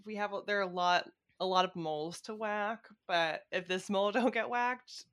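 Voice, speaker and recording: A woman's voice: medium pitch, normal speed, a bit bright. A woman talking politics in a casual chat, swearing freely and laughing often.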